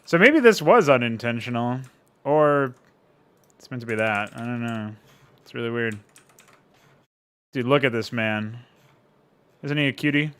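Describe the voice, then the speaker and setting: A man's voice: mid-range voice, expressive, a little slow, long pauses, clean tone. A young man chatting casually on a live stream, laid-back and joking, swearing now and then and answering chat. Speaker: streamer and game modder.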